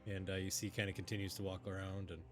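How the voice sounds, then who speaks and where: A man's voice: deep voice, level tone, racing, over music. A man narrating as game master of a tabletop game, in loose, filler-heavy description.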